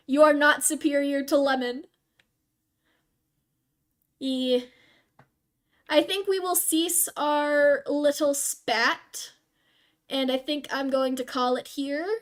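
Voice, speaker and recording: A young woman with a high, light voice chats with her stream audience while she plays. She rambles and pokes fun at herself in an easy, casual way. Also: a bit bright. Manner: rambling, self-deprecating, chatty. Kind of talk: casual game stream chat.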